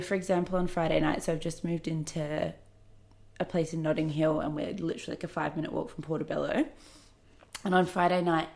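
A woman from Australia co-hosting a podcast, chatting casually and telling lively stories. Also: low voice, creaky. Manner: animated storytelling, acts out quotes. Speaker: podcast co-host, journalist. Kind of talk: casual chat.

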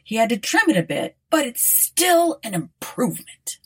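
A woman's voice: on the high side, wildly swooping pitch, moderate pace, breathy edge, voice pushed up, full character voice. A woman voicing a breezy, unflappable male alien traveler in an audiobook, with an offhand, matter-of-fact delivery.

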